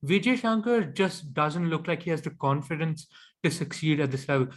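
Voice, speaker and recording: Opinionated man talking cricket, higher voice. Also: expressive, moderate pace. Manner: opinionated, analytical. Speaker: cricket podcast co-host. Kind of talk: casual sports chat.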